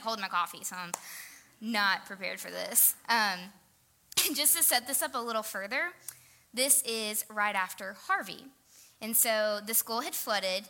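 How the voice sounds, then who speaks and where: A woman's voice: a little high, pushed and bright. A woman telling a self-deprecating story in a casual sermon, saying "like" often. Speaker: teacher and speaker.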